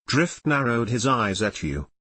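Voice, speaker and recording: Male narrator for a fan fiction audiobook; animated and expressive, dry read. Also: mid-range voice, unhurried, no echo. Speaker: reader.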